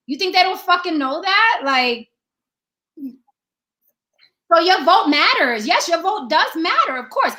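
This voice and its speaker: Very high and sing-song, her pushed, bright voice moves at normal speed as she hosts a podcast discussion. She argues her opinions emphatically with profanity, driving points home through repeated rhetorical questions.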